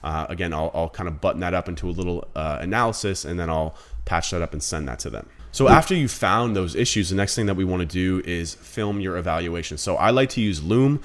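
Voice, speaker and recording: Fast-talking low-voiced man teaching. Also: expressive. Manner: fast, blunt and conversational, addresses viewers as guys. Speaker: marketing instructor. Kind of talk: casual screen-recorded tutorial.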